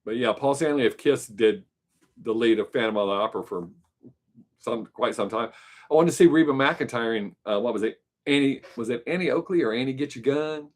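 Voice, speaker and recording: A man's voice: medium pitch, a little fast. A man with a mild Southern US accent hosting a live stream, chatting casually with viewers in a loose, rambling way. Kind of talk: casual chat answering viewers.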